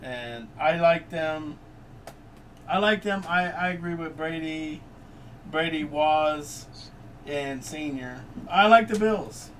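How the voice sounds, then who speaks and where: High-voiced excitable sports podcast host. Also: male voice, slow pace. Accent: Pittsburgh. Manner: loud, profane, excitable. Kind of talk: casual sports chat. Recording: distant mic with faint background noise.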